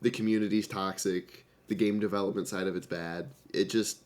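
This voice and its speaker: A man's voice: deep voice, fairly even intonation, normal speed, a little mellow. A man in his twenties co-hosting a casual podcast chat with friends, opinionated and playful in short clipped remarks. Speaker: podcast co-host.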